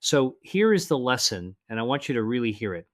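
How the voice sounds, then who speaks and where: An older man narrating a health advice video in an earnest, measured way, slowing down to stress single words. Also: medium pitch, sing-song. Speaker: health presenter. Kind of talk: scripted narration.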